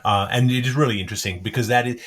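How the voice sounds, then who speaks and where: A man's voice: mid-range voice, very fast, fairly bright tone. A man co-hosting a casual podcast about a novel, thinking aloud with many fillers and restarts. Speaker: podcast co-host. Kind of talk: casual literary discussion.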